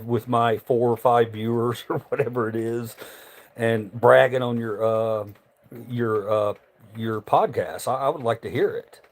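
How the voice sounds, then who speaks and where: A man with a Tennessee Southern accent, from Memphis, chatting casually and profanely on his livestream while answering viewer chat. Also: fairly low pitch. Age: adult, married. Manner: rambling, profane, reads viewer chat aloud. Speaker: livestream host.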